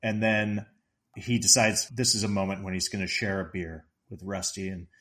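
A middle-aged man co-hosting a podcast, retelling movie scenes in an animated way and laughing often. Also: deep voice, normal speed. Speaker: podcast co-host. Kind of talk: casual film discussion.

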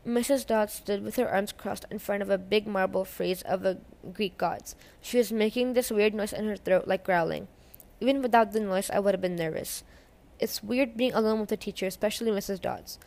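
A woman's voice: mid-range voice, normal speed, creaky, a little mellow. Woman reading a novel aloud. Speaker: reader. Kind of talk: audiobook-style reading of a novel.

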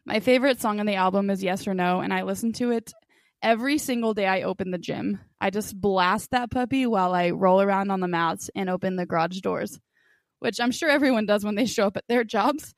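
A young woman chats casually as a podcast co-host, playful and quick to giggle. Her voice sits at an ordinary middle pitch, and the recording is dry and close with little room sound. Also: no echo. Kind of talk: casual chat.

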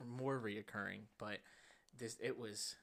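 A man's voice: fairly low pitch, fairly even intonation, takes it slowly, creaky, a bit bright. Rambling young man co-hosting a podcast. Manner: rambling, self-deprecating storytelling with many fillers. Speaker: podcast co-host. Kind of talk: casual chat.

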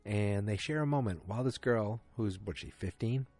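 A man casually recapping a TV episode, rambling and animated, with chatty asides to viewers. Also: lowish voice, moderate pace.

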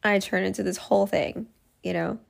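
A woman talks alone into her podcast, speaking frankly and poking fun at herself as she works through her thoughts. Her voice sits in a middle register with a steady gravelly fry running through it. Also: medium pitch, moderate pace. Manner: frank, self-mocking, talks things through aloud. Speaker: podcast host. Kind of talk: candid solo podcast monologue.

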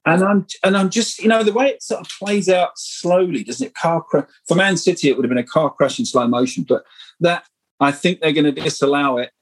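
A middle-aged man telling animated, rambling stories as a guest in a casual podcast interview. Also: on the high side, fairly quick, slightly rough, low-quality recording. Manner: animated, rambling anecdotal storytelling. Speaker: guest screenwriter.

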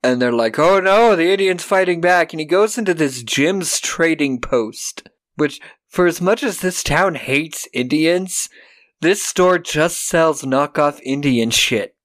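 A man's voice: on the high side, animated, fairly bright tone. Laughing, profane male podcast co-host. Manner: laughing, profane, acts out film lines in quick funny voices. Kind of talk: casual film discussion.

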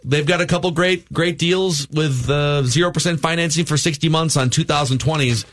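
Laughing sports radio host, dry studio. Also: male voice, on the high side, normal speed, a bit bright, no room sound. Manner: loose, laughing, ad-reading. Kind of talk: sports talk radio banter. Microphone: studio microphone.

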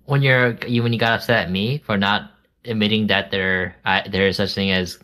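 A man's voice: fairly low pitch, fairly even intonation, normal speed, bright, forceful tone. A man co-hosting a podcast, teasing and playfully stirring things up in casual chat. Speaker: podcast co-host.

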